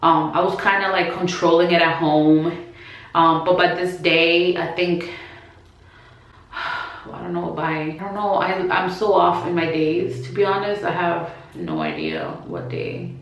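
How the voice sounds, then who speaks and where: A woman's voice: on the low side, measured pace. A woman vlogger telling a personal story to her followers in a casual, chatty way, full of "like" and quoted asides. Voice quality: chatty, filler-heavy, many restarts and acted quotes. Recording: very echoey room.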